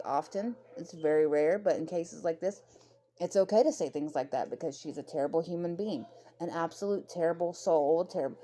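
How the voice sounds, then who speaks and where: A woman's voice: on the low side, warm tone. A woman ranting in heated, profane commentary, often repeating herself, talking about her own kids along the way. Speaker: commentary creator.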